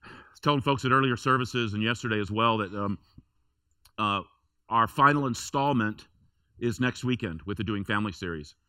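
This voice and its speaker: A man with a bright, forward, fairly low voice preaches to his congregation. He talks like he is telling a story to friends and repeats lines for emphasis. The sound is close and dry. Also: normal speed, clear, resonant tone, no room sound. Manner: conversational storytelling, emphatic repetitions. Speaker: pastor. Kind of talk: sermon. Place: church.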